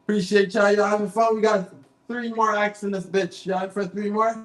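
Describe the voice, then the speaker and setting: A man's voice: high-pitched, fairly even intonation, normal speed. A man hosting a comedy show, loose and stammering as he hypes the crowd and tells a bit. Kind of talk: emceeing and stand-up. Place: basement comedy club. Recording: echoey club room.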